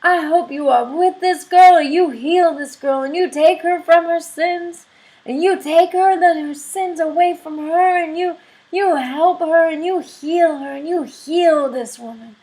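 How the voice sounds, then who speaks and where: A woman's voice: very high-pitched, a little slow, darkish tone, pitched above the performer's own voice. A woman voicing an older woman who prays over someone in a fervent, pleading way. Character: older woman praying fervently, loud and high.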